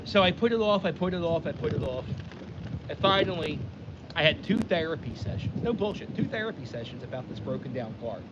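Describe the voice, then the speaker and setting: A man from Philadelphia vlogs outdoors by the windy water, telling a rambling, exasperated story. His voice is a little high, and the recording has its highs cut off.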